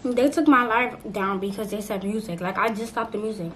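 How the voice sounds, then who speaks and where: A woman's voice: mid-range voice, brisk, fairly bright tone, faint music behind. An eighteen-year-old woman vlogging at home, chatty and playful, talking straight to her viewers. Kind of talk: casual chat to camera. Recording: noisy home recording.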